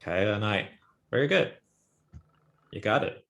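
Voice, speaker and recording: A man's voice: fairly low pitch, lively intonation, a little slow, vocal fry, fairly bright tone. A man teaching a language lesson, explaining patiently step by step and often checking in with his student. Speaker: Japanese teacher.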